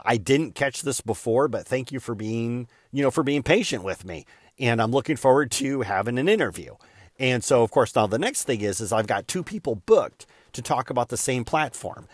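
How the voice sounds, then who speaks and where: A man's voice: medium pitch, no echo, clean studio sound. A man hosting a show, telling a casual story in a rambling, self-deprecating way with lots of fillers. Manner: rambling, frequent fillers and "da, da, da" asides.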